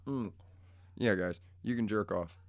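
A vlogger with a lowish, unhurried voice rants casually to his viewers from a room at home, and the recording has no echo. He's blunt, crude and profane, rambling and easily pulled off track.

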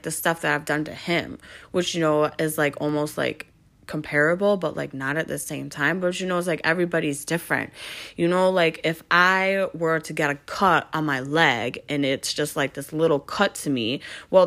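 A woman talking off the cuff in a loose, rambling way, packed with filler words and swearing, often exasperated and asking rhetorical questions. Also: deep voice. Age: adult with children. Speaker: vlogger venting about her partner. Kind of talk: casual unscripted monologue.

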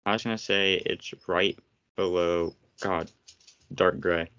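Male podcast co-host, very low voice, blunt and teasing, slightly dull recording. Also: steady tone, slow, fairly bright tone. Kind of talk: casual chat. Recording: slightly muffled podcast audio.

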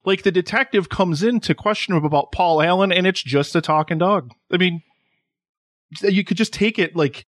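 A man's voice: sits high, a bit bright, dry recording, studio quality. A man guesting on a film podcast, enthusiastic and analytical in casual chat. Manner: enthusiastic, analytical, quick bursts.

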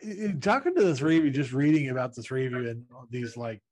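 Halting, curious male interview host. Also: medium pitch, sing-song, a little mellow, no echo. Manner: curious, halting, many restarts. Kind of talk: casual interview chat.

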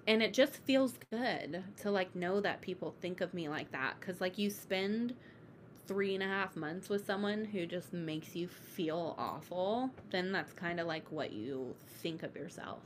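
Chatty young woman, low voice, swearing freely. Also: a little slow. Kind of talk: casual candid chat. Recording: faint background noise.

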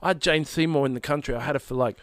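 A man talks as a podcast guest, rambling and chatty, tossing in "you know" again and again. His voice is bright and forward in tone. The sound is dry and close, with no room around it. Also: medium pitch, racing, no room sound. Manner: chatty, filler-heavy, keeps saying "you know what I mean". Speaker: filmmaker guest. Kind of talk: casual podcast chat.

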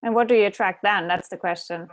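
A woman's voice: mid-range voice, fast. Thoughtful woman hosting a spiritual chat. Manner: thoughtful, affirming, searching for words. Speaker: host. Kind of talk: reflective spiritual conversation.

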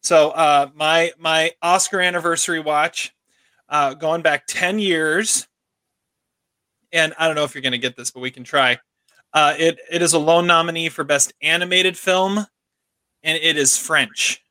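Bright, teasing male podcast co-host. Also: fairly high pitch, steady tone, a little slow, dry recording. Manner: teasing, upbeat banter. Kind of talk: casual podcast chat.

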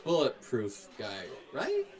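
A man voicing an excitable male bystander on a city street in a comedic bit during a casual podcast chat. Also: takes it slowly, a crowd in the background. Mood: excited. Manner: high, excitable, gossipy.

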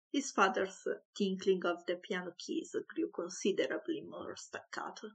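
A woman reading a comic story aloud, with an expressive, playful delivery. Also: mid-range voice, a little slow, slightly rough, poor audio. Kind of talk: storybook narration.

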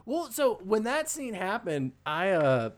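A man's voice: sits high, sing-song, unhurried. Casual young man, chatty storyteller. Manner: chatty, storytelling, lots of "like" fillers. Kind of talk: casual chat.

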